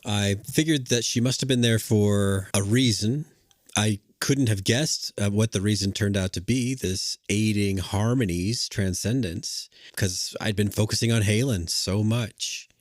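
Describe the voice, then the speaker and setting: A man's voice: on the low side, unhurried, dry recording. A man co-hosting a podcast, musing in a thoughtful, hesitant way with dry humor. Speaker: podcast co-host. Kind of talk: casual chat.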